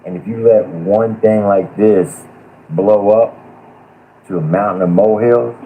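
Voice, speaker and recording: A man's voice: fairly low pitch, mellow, slight background noise, poor audio. A man lecturing a live-stream panel in a blunt, profane rant about a community feud.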